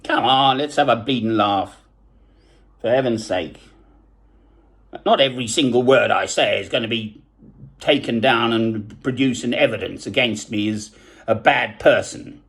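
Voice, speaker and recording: A man with a husky voice, talking in a rambling, digressive monologue, self-deprecating and often chuckling. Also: medium pitch, normal speed, a bit bright.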